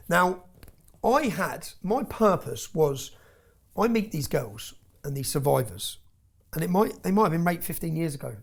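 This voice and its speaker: Man, interview guest, gravelly, emphatic, heated storytelling. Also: a little high. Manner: intense, emphatic, keeps tagging lines with "yeah?".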